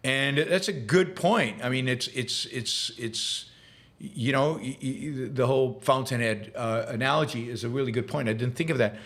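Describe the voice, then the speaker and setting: Speaking at a moderate pace in a mid-range, fairly bright voice, a man hosts a live show answering viewer questions. He's opinionated and emphatic, escalating into heated rants, and uses fillers and repeated words when reflective.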